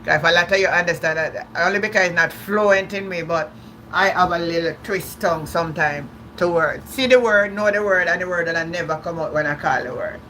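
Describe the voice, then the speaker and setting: A woman chats loosely with viewers on a livestream, restarting her sentences and laughing along the way. Her voice is bright and ringing, with a faint hiss behind it. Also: on the low side, brisk. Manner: chatty, repeats and restarts words, laughs often. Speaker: livestream host. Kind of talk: casual live-stream chat.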